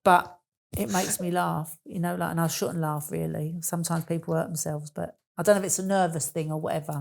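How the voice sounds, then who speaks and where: Woman in her sixties, deep gravelly voice, chatty guest who laughs easily. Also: steady tone, fairly quick. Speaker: interview guest. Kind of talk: casual storytelling chat.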